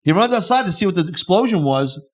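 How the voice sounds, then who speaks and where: A man co-hosting a podcast, telling a story with lively energy and acting out the people in it. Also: high voice, fast. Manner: animated storyteller who acts out the people in his stories. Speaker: podcast co-host. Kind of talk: casual storytelling chat.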